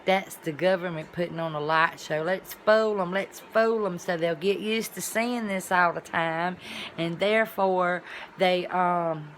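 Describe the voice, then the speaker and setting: A woman's voice: fairly low pitch, steady tone, a little slow, slight background noise. A woman vlogger talking in a casual, rambling monologue, with colloquial, folksy phrasing and sound-effect words.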